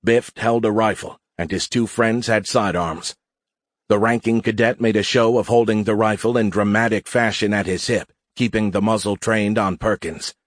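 A man reading a science fiction audiobook as narrator, in steady, even storytelling. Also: fairly low pitch, moderate pace, no echo. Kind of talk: scripted narration.

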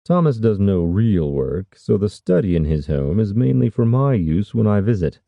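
A man's voice: fairly low pitch, very animated, moderate pace, creaky, dry recording, highs cut off. A man voicing a sly, scheming older lord with a wry, scoffing manner.

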